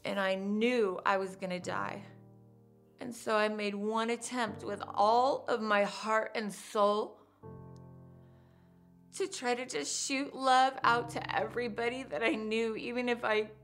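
A woman giving documentary interview testimony as a crime survivor, in a measured, halting, hushed way. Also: fairly high pitch, fairly even intonation, soft background music.

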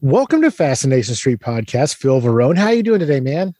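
A man's voice: medium pitch, sing-song, fairly quick, dark tone, no echo. Dry-sounding teasing podcast host man. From San Antonio. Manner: playful teasing interviewer. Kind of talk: casual interview.

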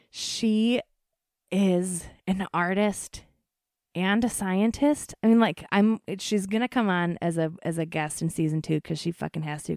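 A woman hosting a podcast in casual chat, gushing and excitable, swearing freely and full of fillers. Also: fairly low pitch, no room sound, clean studio sound.

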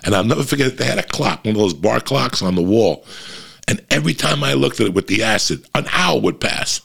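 A man telling a profanity-heavy story in casual talk, jumping up in pitch for emphasis. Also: fairly quick. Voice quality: gravelly and husky. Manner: animated, swears constantly, jumps in pitch for emphasis.

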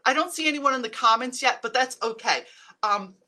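A woman's voice: a little high, a little fast, bright, forceful tone. A middle-aged woman chatting casually to viewers on a live stream, giving direct, upbeat wellness tips. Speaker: wellness livestream host.

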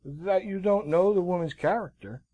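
A man voicing a stern, blunt middle-aged army colonel in an audiobook, speaking curtly and gravely. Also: high voice, moderate pace, mellow, no echo, pitched above the performer's own voice. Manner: curt, grave, frank.

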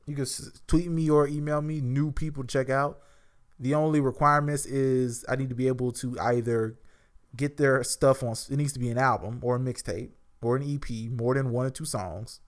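Casual rambling man reviewing music. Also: medium pitch. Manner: rambling, filler-heavy, restarts and asides. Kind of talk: casual spoken album review.

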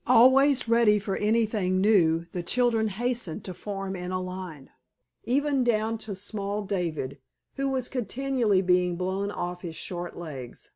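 Woman reading an old frontier kids story out loud, even mid voice. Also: medium pitch, measured pace. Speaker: audiobook narrator. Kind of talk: scripted narration.

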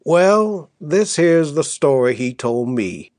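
A man's voice: on the high side, big pitch swings, takes it slowly, darkish tone, dry recording, clean studio sound. A man reading an audiobook, voicing a folksy young frontier husband who talks in a rustic drawl and coaxes his wife with a homespun tale. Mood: yarn-spinning. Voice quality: rustic drawl with dropped endings. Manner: coaxing, homespun storytelling.

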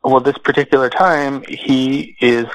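A man as an interview guest, telling a personal family story in a slow, measured way with many pauses and fillers. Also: medium pitch, steady tone, poor audio.

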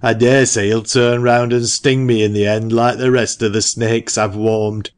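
A man voicing a brusque, sharp-tongued old male parson in an audiobook, loud and scolding. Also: mid-range voice, level tone, a little slow, smooth, close to an everyday voice. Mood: muttering. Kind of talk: audiobook character reading.

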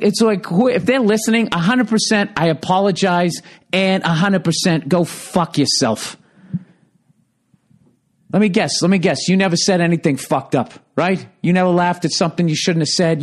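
A man talks alone into a podcast mic in a loose, rambling rant, swearing constantly as he works himself up. His voice sits a little on the high side, and he circles back on his points with restless, heated energy. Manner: profane, rambling, heated storytelling. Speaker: podcast host. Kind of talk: casual solo podcast rant.

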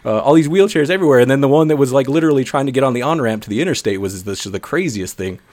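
A man co-hosting a podcast, telling stories in a rambling, excitable way with lots of fillers. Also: medium pitch, rapid-fire, no room sound. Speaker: podcast co-host. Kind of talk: casual chat, storytelling.

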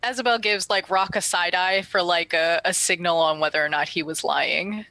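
Female player at a tabletop game, bright, dry close sound, chatty with a syrupy motherly edge. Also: lowish voice, steady tone, normal speed, no room sound. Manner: chatty, sweetly mock-motherly in character. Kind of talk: casual tabletop play.

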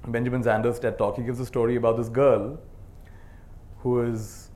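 A man's voice: mid-range voice, level tone, normal speed. Earnest man teaching meditation. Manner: earnest, swings between soft and emphatic; leads the audience in call-and-response. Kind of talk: dharma talk to a live group.

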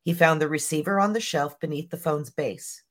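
Podcast host narrating true crime. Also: mid-range voice. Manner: even, measured storytelling.

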